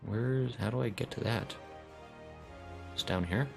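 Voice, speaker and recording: A man's voice: on the low side, a little slow, gravelly, over music. A man streaming a game, chatting casually and reading chat messages aloud. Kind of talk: casual live-stream commentary.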